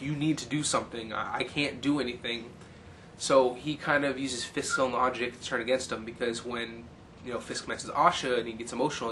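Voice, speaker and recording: Man with a bright, forward tone for a loose, rambling plot recap, with faint hiss behind him. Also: mid-range voice. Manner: rambling, many fillers, briefly mimics characters' lines. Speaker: film recapper. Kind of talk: casual movie plot recap.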